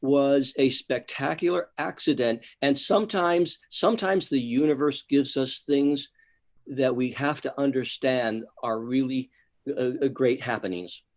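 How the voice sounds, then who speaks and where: A man at a photography club meeting gives feedback on a member's picture. He talks in bursts, stumbling over words and circling back to repeat himself. His voice sits in an ordinary middle pitch. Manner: halting, repeats words, enthusiastic. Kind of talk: casual club discussion.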